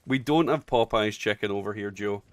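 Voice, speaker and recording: A man's voice: lowish voice, brisk, no echo. A man with a Scottish accent, chatting and bantering casually while playing a game, swearing freely and laughing often. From Scotland. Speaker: streamer.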